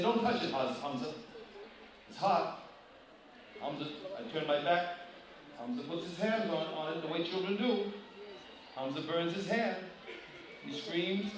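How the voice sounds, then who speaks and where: High-voiced man preaching in an echoey hall. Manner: animated, addresses audience directly with questions. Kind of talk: sermon to a congregation. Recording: distant mic, loud room ambience.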